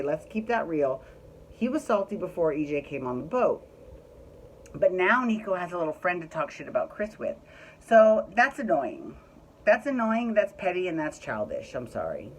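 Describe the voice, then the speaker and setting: Woman, low voice, lively swinging pitch, chatty and opinionated, casual recap vlog. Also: slight background noise, poor audio. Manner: chatty, opinionated, swears freely. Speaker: recap vlogger.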